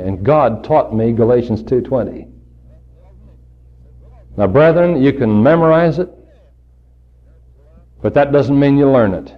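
A man's voice: lively intonation, unhurried, pauses often, highs cut off. Fervent male preacher on old tape. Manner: earnest, rises to fervent emphasis then drops low. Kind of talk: sermon.

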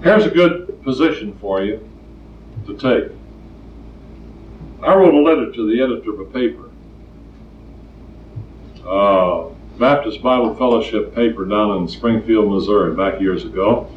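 On the low side and measured in pace, the older preacher pauses often as he tells stories in a plainspoken sermon, repeating points for emphasis. The recording is distant, roomy, and lo-fi.

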